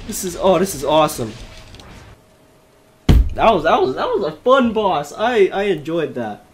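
Man, gaming YouTuber, high and very animated, excitable play-by-play from his bedroom. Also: a little slow, pauses often, background noise. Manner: excitable, loud exclamations and laughs. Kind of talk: live gameplay commentary.

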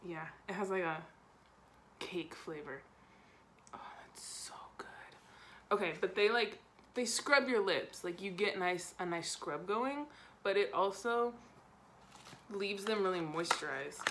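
Gushing, bright-voiced young woman unboxing. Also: mid-range voice, a little slow, a little hiss or hum. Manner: gushing, gasping, giggly. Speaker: YouTuber unboxing makeup. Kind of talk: excited casual unboxing chat. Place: home room.

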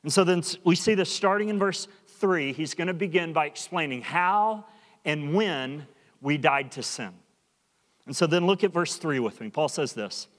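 A man's voice: fairly high pitch, moderate pace, a bit bright, long reverb tail. A male pastor preaching a sermon earnestly, often repeating and restarting phrases for emphasis. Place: church sanctuary.

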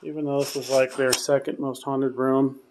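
A paranormal investigator films a solo ghost-hunting vlog at night in a dark hotel room, speaking in a hushed voice and calling out to spirits. His medium-pitched voice moves little and keeps a moderate pace.

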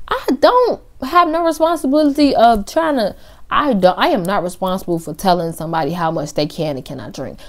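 Teen girl vlogger, animated slangy storyteller, mid-pitched and casual. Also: brisk. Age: teens. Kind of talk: storytime chat.

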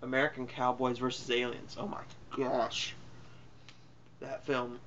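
A man's voice: medium pitch, little pitch movement, measured pace, fairly bright tone, a little hiss or hum. Offhand rambling man, muffled lo-fi recording. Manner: rambling and offhand, with fillers and self-corrections. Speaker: film reviewer. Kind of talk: casual spoken movie review.

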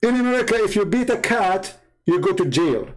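Combative Arabic-accented man, higher voice. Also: animated, brisk, rough recording. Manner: combative, mocking, name-calling. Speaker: online commentator. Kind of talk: heated political monologue.

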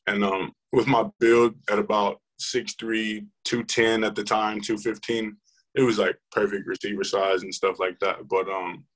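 A man's voice: on the low side, flat delivery, unhurried, fairly bright tone, low-quality recording. A young man, a football player, telling his story in a casual interview, rambling with many fillers and restarts.

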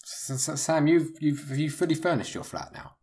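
A man's voice: a little high, lively intonation, normal speed, darkish tone. A man co-hosting a podcast from his spare room at home, rambling and joking and tripping over his words in casual chat. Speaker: podcast co-host.

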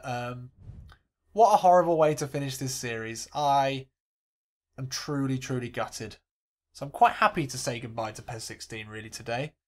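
In a mid-range voice, a man hosts a let's play, commentating on a football game. His mood swings back and forth between excitement and glumness.

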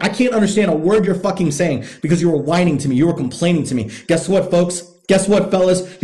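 A man's voice: high voice, dark tone. A man hosting a podcast who coaches other men in a blunt, profane and emphatic motivational monologue, drilling his key points by repetition. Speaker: podcast host, men's coach.

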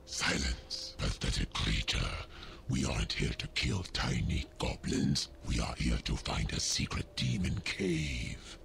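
A monstrous spider queen, voiced by a man, growling in an extremely deep, gravelly rumble. Her words crawl out slowly yet rise and fall wildly. A hiss sits under the track. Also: sing-song, a bit bright, full character voice. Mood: commanding. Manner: slow, gravelly, imperious. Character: menacing regal spider queen, cold and commanding.

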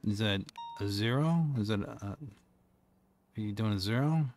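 A young man in character as a police officer during game role-play, speaking in a calm, coaxing tone. His voice sits a bit on the low side. He keeps up a dry, joking patter. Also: normal speed, slight background noise.

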